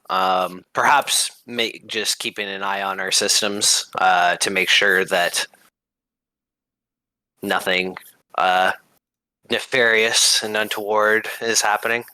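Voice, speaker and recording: A man's voice: fairly low pitch, sharp tone, clean tone, dry recording, poor audio. A man playing an engineer in a tabletop game, speaking hesitantly. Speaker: player. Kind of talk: casual tabletop game play.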